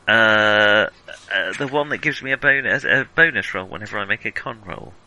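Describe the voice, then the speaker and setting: A man's voice: on the low side, normal speed, bright, forceful tone, lo-fi sound, slight background noise. A man playing a tabletop game, joking and laughing often. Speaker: player. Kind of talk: casual tabletop game chat.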